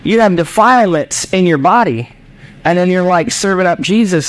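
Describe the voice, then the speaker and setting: Animated joking male pastor. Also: fairly high pitch, fairly quick. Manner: animated, jokey, acts out voices of the congregation. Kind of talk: sermon. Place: church.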